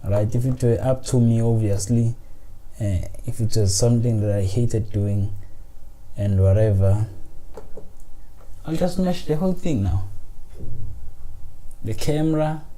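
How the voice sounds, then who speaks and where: Man, very dark voice, casual solo podcast, frustrated, rambling, phone mic. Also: medium pitch, measured pace, pauses often, slight background noise, low-quality recording. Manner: frustrated, swearing, rambling with restarts. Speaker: podcast host. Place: small room, indoors.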